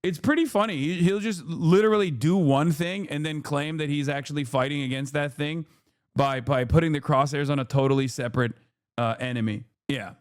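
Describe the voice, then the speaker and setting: A man's voice: on the high side, fairly quick. A man streaming live commentary on the news, sarcastic and profane, with frequent fillers and rhetorical questions. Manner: mocking and rhetorical.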